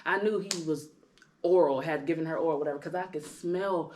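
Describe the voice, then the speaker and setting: A woman in her thirties, a podcast co-host, telling a personal story in casual chat, animated and full of tag questions. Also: fairly quick, crowd noise. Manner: animated, rising loud and high when worked up; tag questions, frequent "right?".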